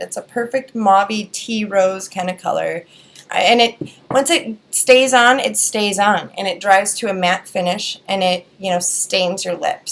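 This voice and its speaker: A young woman with a Wisconsin accent, chatting casually through a beauty product review, rambling with lots of fillers and restarts. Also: mid-range voice. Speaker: beauty vlogger.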